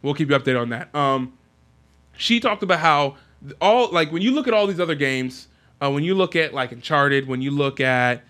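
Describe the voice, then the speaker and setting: A man co-hosting a podcast, chatting casually and excitedly about video games, rambling with lots of fillers. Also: on the high side, moderate pace. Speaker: podcast co-host.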